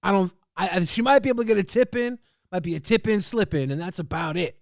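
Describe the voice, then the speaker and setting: A man streaming casually, reading and answering chat in a loud, profane, combative rant. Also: high-pitched, quick pace, no room sound, studio quality.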